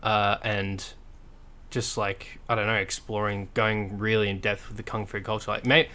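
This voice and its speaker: A man's voice: lowish voice, level tone, moderate pace, bright, forceful tone. A man co-hosting a podcast in casual chat, blunt and sarcastic, rambling with lots of fillers and restarts. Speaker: podcast co-host.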